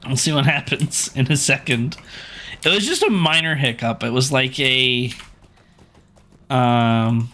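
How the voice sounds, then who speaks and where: A man's voice: medium pitch, unhurried, pauses often, bright, forceful tone. A man casually commenting while streaming an online role-playing game, rambling and laughing easily at a desk microphone.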